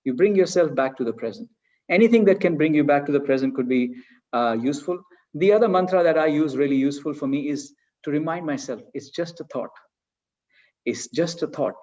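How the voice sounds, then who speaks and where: A man's voice: on the high side, quick pace, darkish tone, lo-fi sound. A man giving an earnest online coaching talk, acting out everyday excuses in little quoted voices. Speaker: leadership coach.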